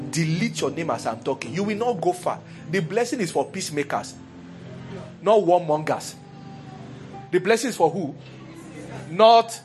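A pastor preaching a sermon in an animated, humorous way, full of rhetorical questions. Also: male voice, fairly high pitch.

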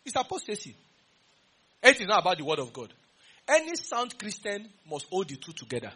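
Husky, high and fast, this Nigerian-accented preacher delivers a lively sermon, poking fun at his congregation and quizzing them.

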